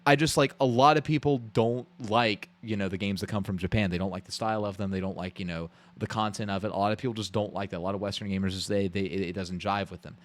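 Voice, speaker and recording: A man's voice: on the low side, steady tone, fast, hardly any pauses. A man live-streaming his reactions to a game showcase, ranting bluntly and profanely with frequent restarts.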